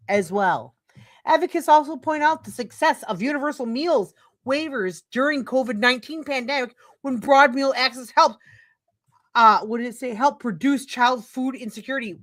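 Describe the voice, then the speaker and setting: A woman's voice: fairly high pitch, a bit bright. A middle-aged woman streaming commentary, reading a text aloud and breaking into heated, profane, sarcastic rants. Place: home streaming setup.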